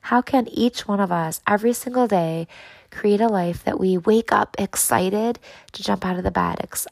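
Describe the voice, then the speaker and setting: Earnest woman podcast host, gravelly edge. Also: medium pitch, darkish tone, dry recording, low-quality recording. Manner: earnest, encouraging, speaks directly to listeners. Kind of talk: motivational podcast talk.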